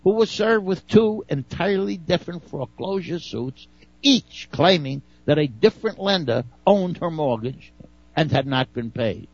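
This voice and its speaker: A man's voice: on the high side, lively intonation, normal speed, vocal fry, no echo. A man co-hosting a radio talk show, chatting casually and explaining things step by step, with a rambling delivery full of fillers. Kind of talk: casual on-air chat. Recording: dry, slightly dull broadcast audio.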